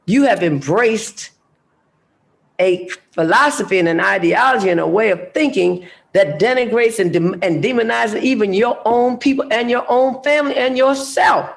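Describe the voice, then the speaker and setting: An older American woman speaking on a panel, telling a story with emphatic, animated delivery and acting out the dialogue. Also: on the high side, creaky. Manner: emphatic, animated, acts out dialogue, laughs often.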